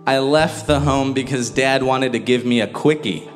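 A man's voice: mid-range voice, normal speed, soft background music. Man telling a stand-up story. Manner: chatty, laughs through his own punchlines. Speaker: stand-up comedian.

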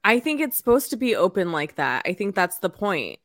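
A woman co-hosting a casual chat about a film, talking in an animated way and laughing often. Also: medium pitch, fairly quick, no echo, studio quality. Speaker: podcast co-host.

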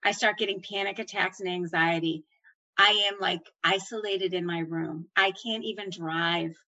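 Bright-voiced woman telling a story. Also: lowish voice, normal speed, poor audio. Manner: animated, acts out the voices of doctors and herself. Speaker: former nurse manager telling her story. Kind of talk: personal storytelling.

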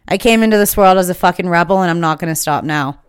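A woman's voice: fairly low pitch, fast talker, clear, resonant tone. A woman hosting her own podcast, giving an impassioned, emphatic spiritual monologue that is full of swearing. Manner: fired-up, emphatic, swears freely. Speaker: podcast host.

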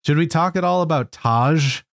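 A man co-hosting a casual podcast chat, joking in a dry, deadpan way. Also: fairly high pitch, normal speed, creaky, dry recording. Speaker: podcast co-host.

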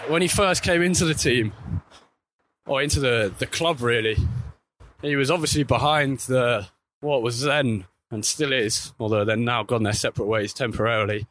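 Out by a street, a man walks and talks football in vlog-style commentary. He chats casually, keeps correcting himself, and his pitch rises and falls in a lively way.

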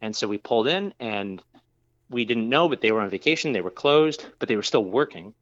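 A man's voice: medium pitch, lively intonation, brisk, a bit bright, dull audio. A man who works as a brewer, telling a long story in a casual interview, rambling with lots of fillers and restarts.

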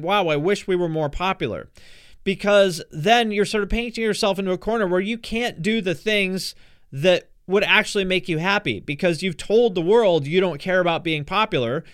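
High-voiced man hosting a podcast. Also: fairly bright tone, smooth, no echo, studio quality. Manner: frank, conversational, swears casually. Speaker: podcast host. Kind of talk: casual podcast chat and listener advice.

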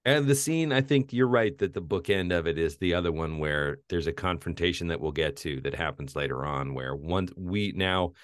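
A man co-hosting a film podcast, chatting casually and retelling scenes with lively energy. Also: sits low, normal speed, hardly any pauses, dry recording, studio quality. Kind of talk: casual film review chat.

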